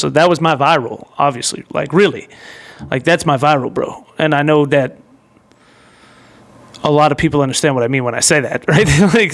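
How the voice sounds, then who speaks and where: Male podcast host, high and clean-toned, excitable casual storyteller. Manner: excitable, rambling, heavy use of "like" and "bro".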